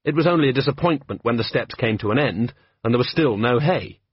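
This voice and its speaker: Male narrator, husky, close and dry, lo-fi; storybook reading that jumps up in pitch for characters. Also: expressive, fairly quick, no echo. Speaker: audiobook narrator. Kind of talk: scripted narration with character voices. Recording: dull lo-fi dry recording.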